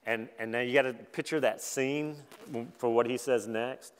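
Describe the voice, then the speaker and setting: A man preaching a sermon as a guest speaker, talking in a relaxed, self-deprecating way and turning animated when he acts out the verses he quotes. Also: medium pitch, moderate pace, clear, resonant tone, long reverb tail. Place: large church hall.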